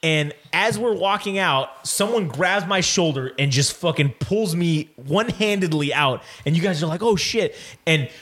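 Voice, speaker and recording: A podcast host spinning a wild yarn in loose, casual talk, with a voice sitting a little higher than most men's. He swears constantly and stays animated and amused throughout. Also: moderate pace, few pauses. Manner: profane, animated, laughing. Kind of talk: casual storytelling.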